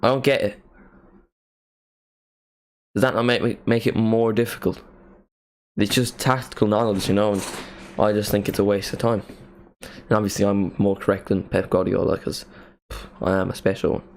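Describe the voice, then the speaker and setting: A man hosting a live match watchalong, giving casual play-by-play commentary with jokey asides and excited calls. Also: on the low side, normal speed, long pauses.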